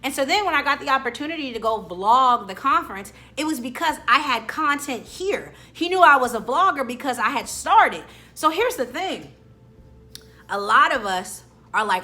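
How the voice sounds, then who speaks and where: A young woman talking straight to her followers in a casual motivational vlog. Her voice is bright and forward, and her storytelling is chatty and animated, full of casual slang. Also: high-pitched, moderate pace. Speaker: vlogger.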